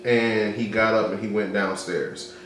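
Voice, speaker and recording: A man's voice: on the low side, steady tone, measured pace, a bit bright. A man on a discussion show, candidly telling personal stories and acting out the other voices in them. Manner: candid, storytelling, acts out dialogue. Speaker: co-host. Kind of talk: casual discussion. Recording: echoey room with faint noise.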